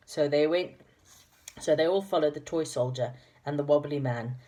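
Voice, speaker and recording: A woman's voice: low voice, very animated, brisk, darkish tone. A woman reading a children's storybook aloud and chatting affectionately to young listeners. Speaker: reader of children's stories.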